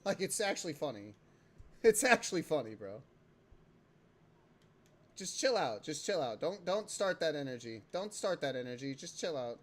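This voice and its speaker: A young man hosting a casual livestream, swearing often and breaking into loud excited outbursts while he plays a game. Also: on the high side, moderate pace, long pauses. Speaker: livestream host.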